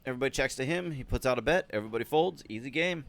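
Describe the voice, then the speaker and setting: A man's voice: medium pitch, lively intonation, rapid-fire, creaky, fairly bright tone. Easygoing male poker co-commentator. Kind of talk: live poker stream commentary.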